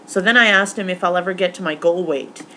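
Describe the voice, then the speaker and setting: Rambling young woman vlogging, low-pitched. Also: quick pace, sharp tone, a little hiss or hum. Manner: rambling, many fillers. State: tearful, emotional; recovering from stomach flu. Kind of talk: casual vlog recap.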